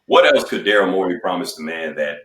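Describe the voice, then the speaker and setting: A man's voice: sits low, brisk, fairly bright tone. Laid-back man in an echoey room. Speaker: podcast co-host. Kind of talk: casual sports chat. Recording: echoey room, mic at a distance.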